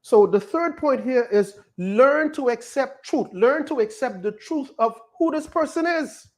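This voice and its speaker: A Bahamian man preaches with emphatic force and keeps asking rhetorical questions. His pitch swings widely, rising and falling as he drives each point home. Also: expressive, measured pace. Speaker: pastor. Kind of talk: sermon.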